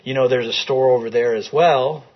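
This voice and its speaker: Guy voicing a dad joking around to shield his kid, easygoing and playful, kinda husky, muffled lo-fi sound. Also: medium pitch, normal speed, close to an everyday voice. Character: gentle father making light for his son.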